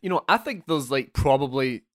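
A young man co-hosting a casual film podcast, animated and swearing freely. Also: mid-range voice, normal speed, no echo, studio quality. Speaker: podcast co-host.

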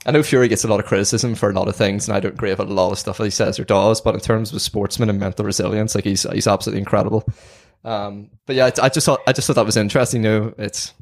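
A man's voice: on the low side, fairly even intonation, racing. A man talking casually as a podcast guest, enthusiastic and full of "like" and "you know". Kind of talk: casual chat.

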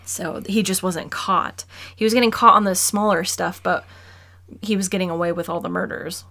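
A woman co-hosting a true-crime podcast in relaxed conversation. She talks earnestly and with strong emphasis, making her point firmly and often repeating it. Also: fairly low pitch, moderate pace, vocal fry. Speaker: podcast co-host. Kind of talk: casual true-crime chat.

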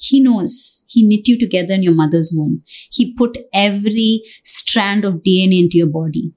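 A woman's voice: mid-range voice, moderate pace, a little mellow. A woman preaching a sermon, earnest and pleading, with many rhetorical questions.

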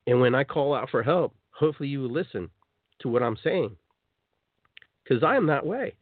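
Male radio host, animated spiritual monologue; phone-line quality, dry and close. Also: mid-range voice, normal speed, dry recording. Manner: animated, acts out quoted voices.

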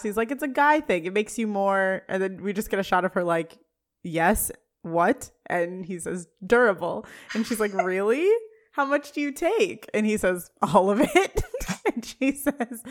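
Chatty woman recapping with quoted lines. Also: medium pitch. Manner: retells scenes with quoted dialogue, laughs often. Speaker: podcast co-host. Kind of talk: casual recap chat.

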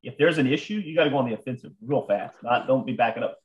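An American man, a businessman guest, telling stories in an animated, casual way, with frequent restarts. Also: mid-range voice, quick pace, lo-fi sound. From United States. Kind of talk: casual conversational storytelling.

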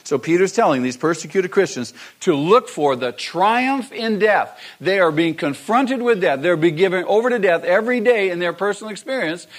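A man's voice: high voice, expressive, moderate pace, few pauses. A man preaching a sermon, repeating his key phrases and asking the congregation rhetorical questions. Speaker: pastor.

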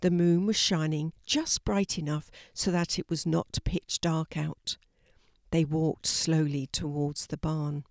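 An older woman narrating a children's story in a slow, gentle storybook manner. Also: low voice, steady tone, dry recording, studio quality.

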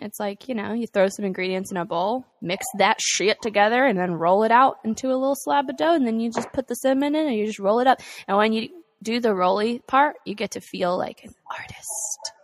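A young woman co-hosting a podcast, chatting casually about her morning, laughing often and swearing now and then. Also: medium pitch. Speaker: podcast co-host. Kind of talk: casual chat.

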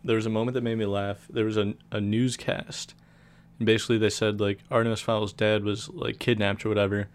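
A man's voice: lowish voice, little pitch movement, brisk. A man chatting casually and with amusement as a podcast co-host. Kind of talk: casual chat.

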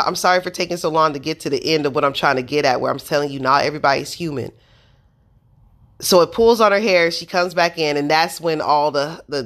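Speaking straight to her audience, a woman in her thirties shares a personal story in a casual but intense, earnest way, cursing freely. Her voice is low and a bit bright.

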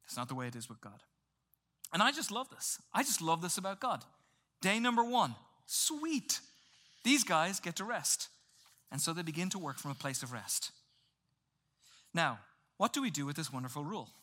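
A man preaching a sermon in a lively, conversational way, acting out little voices for humor. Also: high voice, normal speed, long pauses. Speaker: pastor.

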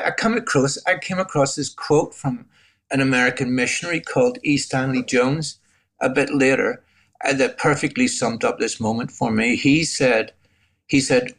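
Reflective Northern Irish man in his sixties. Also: medium pitch. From Northern Ireland. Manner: reflective, gets choked up, laughs softly. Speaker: guest telling his testimony. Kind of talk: interview testimony.

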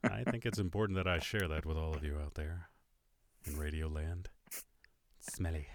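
A man's voice: extremely low pitch, steady tone, moderate pace, no echo. A man hosting a casual podcast, joking and laughing often with his co-hosts. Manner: jokey, laughs often, theatrical intro delivery. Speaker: podcast host.

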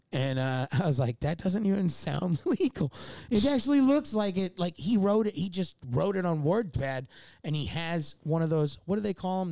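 A man's voice: a little high, dark tone, dry recording, clean studio sound. A man telling a long, rambling story as a podcast guest, swearing often and laughing mid-sentence. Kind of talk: casual storytelling chat.

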